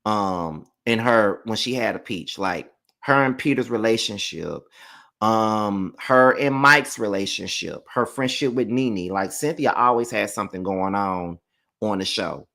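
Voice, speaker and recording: A man's voice: fairly low pitch, expressive, normal speed, creaky, a bit bright. Blunt, chatty man reviewing a show. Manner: loose and chatty, hands out grades with frequent ums; blunt, candid opinions. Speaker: reality TV reviewer. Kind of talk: casual live review commentary.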